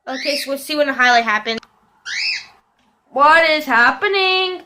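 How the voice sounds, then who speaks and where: A young woman giving casual commentary over a football video game, shouting and squealing at plays and chatting to her pet bird. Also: sits high, moderate pace, a little hiss or hum. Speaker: gaming video host.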